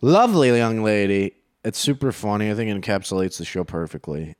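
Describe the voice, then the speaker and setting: A man's voice: on the low side, lively intonation, fairly quick, a little mellow, no echo, studio quality. A man co-hosting a podcast, joking crudely and swearing, now and then slipping into silly put-on voices. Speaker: podcast co-host. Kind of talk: crude casual banter.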